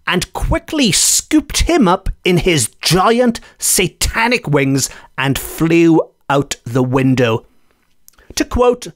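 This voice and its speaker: A podcast host narrating an old folk tale at an unhurried pace. His voice rises and falls with plenty of expression. It sounds close and dry, with no room echo. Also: a little high, very animated. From Wales.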